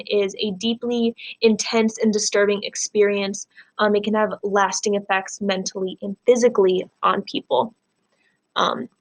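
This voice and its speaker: A woman teacher giving a recorded lesson, explaining and reading a novel aloud patiently. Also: fairly high pitch. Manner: clear, patient, explaining step by step.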